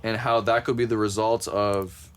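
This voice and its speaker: A man's voice: on the low side, little pitch movement, normal speed, smooth. A man co-hosting a podcast in casual chat, cursing freely and reading quotes aloud with a laid-back, amused delivery. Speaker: podcast co-host.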